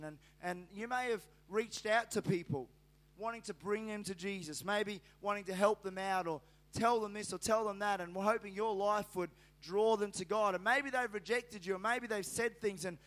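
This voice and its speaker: High-voiced man preaching. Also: fairly bright tone. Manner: rambling, anecdotal, many fillers and restarts. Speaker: pastor. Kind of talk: sermon with personal story.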